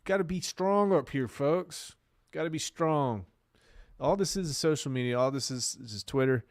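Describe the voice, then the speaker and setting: A man's voice: a little high, animated, moderate pace, no echo, studio quality. A man hosting a casual crypto livestream, talking bluntly in street slang and repeating phrases for emphasis.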